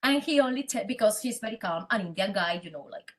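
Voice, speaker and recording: A woman with a Spanish accent, a native Spanish speaker, telling her story as a guest in a podcast interview in an animated, dramatic way. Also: medium pitch, fast talker, hardly any pauses. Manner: animated, dramatic, acts out quoted dialogue. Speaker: guest entrepreneur.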